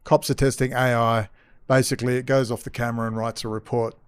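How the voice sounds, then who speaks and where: A man's voice: mid-range voice, flat delivery, fast, clear, resonant tone, no echo. A man hosting a profane, heated commentary show, sarcastic and openly frustrated as he rants. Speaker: host.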